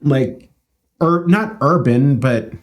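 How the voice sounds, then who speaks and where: A man's voice: medium pitch, slow pace. A man hosting a music reaction video, chatting casually in a loose, rambling way full of fillers. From South America. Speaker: reaction channel host. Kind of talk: casual chat.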